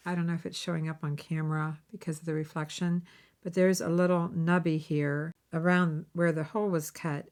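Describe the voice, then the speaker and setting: A woman demonstrates a craft project in a relaxed, conversational way. She thinks aloud as she works and drops friendly tips for the viewer. Her voice sits a little low for a woman. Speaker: jewelry-making channel host. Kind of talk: casual how-to demonstration.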